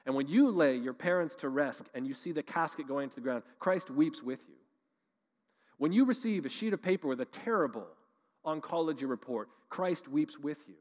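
A male pastor from Canada preaching a sermon with passion, moving between loud emphatic lines and quiet, slow ones. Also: fairly high pitch. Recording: long reverb of a large hall.

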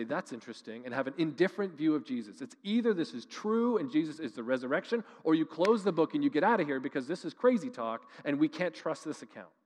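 Male preacher from Canada, passionate sermon delivery, somewhat high voice, long hall reverb. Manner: impassioned, swings between loud emphasis and quiet slow lines. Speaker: pastor.

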